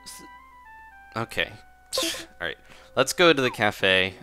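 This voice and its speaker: Laid-back male gameplay commentator, low voice, rambling and chuckly, with game music under him. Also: very animated, slow. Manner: easygoing, rambling, chuckles often; reads game dialogue aloud in playful voices.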